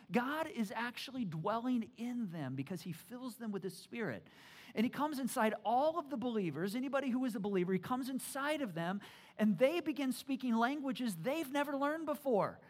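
A pastor with a mid-range voice preaches a sermon a little fast and in a loose, conversational style. Animated and joking, he repeats words, restarts often, and swings between loud, excited bursts and quiet, earnest moments.

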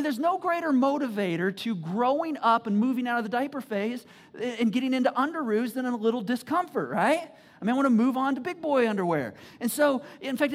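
A preacher giving a sermon in a conversational, animated way, with frequent asides that check in with the listeners. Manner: swings between low asides and loud excited bursts.

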